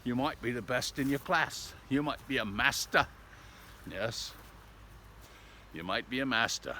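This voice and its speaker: Chatty man rambling outdoors, bright voice. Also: mid-range voice, lively intonation, a little slow, slight background noise. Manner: chatty, folksy, ends with "eh?", puts on a mock English accent. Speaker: vlogger. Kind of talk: casual rambling vlog talk. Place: outdoors on a walk.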